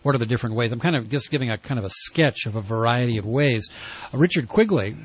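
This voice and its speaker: A man hosting a casual talk show, speaking in a rambling, halting way with frequent restarts. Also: mid-range voice, husky, dull audio. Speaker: talk radio host. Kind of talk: casual conversational interview.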